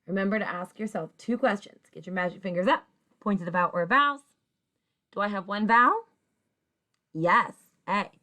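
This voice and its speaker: A woman teacher giving a phonics lesson for young children, sounding out syllables slowly and encouraging the viewer with questions and praise. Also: mid-range voice, sharp tone.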